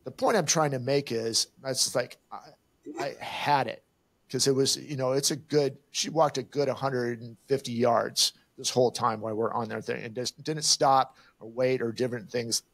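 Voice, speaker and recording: A man's voice: mid-range voice, normal speed. Older man telling a story, easygoing. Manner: animated storyteller, acts out quoted exchanges. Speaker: podcast co-host. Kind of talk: casual storytelling chat.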